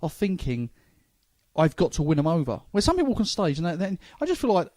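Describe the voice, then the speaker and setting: London comedian host, man, talks fast and lively, keeps restarting his sentences. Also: a little high, dry recording. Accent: London English. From England. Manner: rambling, stammering restarts. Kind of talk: casual chat.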